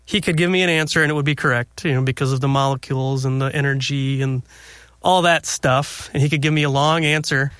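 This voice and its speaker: Guy chatting about faith, bright voice, laughs a lot, dry close sound. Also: mid-range voice, fairly even intonation, brisk, clear, resonant tone, no room sound. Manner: storytelling with frequent laughs. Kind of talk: casual faith discussion.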